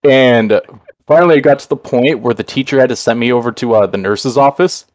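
Young male podcast host, mid-pitched and dry-sounding, loose rambling delivery with constant fillers and swearing. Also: fairly quick, no room sound. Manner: rambling and profane, full of fillers. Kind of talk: casual storytelling chat.

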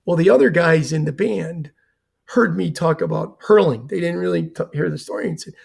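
A man's voice: high-pitched, fairly quick, creaky, a little mellow, breathy edge. An older man, a retired fire chief, telling a personal story in an earnest way and acting out the dialogue he quotes. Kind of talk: storytelling in a conversation.

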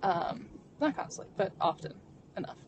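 A young adult vlogger recounts a personal story in a candid, halting way, stumbling through fillers and restarts. The voice sits at a middling pitch. It was recorded inside a car, with road noise clearly heard underneath. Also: animated, lo-fi sound. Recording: vehicle noise behind.

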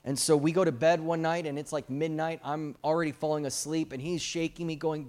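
A man's voice: on the high side, fairly quick, hardly any pauses. A young adult man preaching a guest sermon at a church service, telling stories with light jokes. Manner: animated storytelling with jokes.

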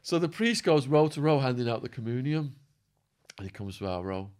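A man guest in an interview, telling stories animatedly and acting out quotes, his voice going hoarse. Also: medium pitch, expressive, brisk, darkish tone. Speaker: podcast guest. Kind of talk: storytelling in an interview.

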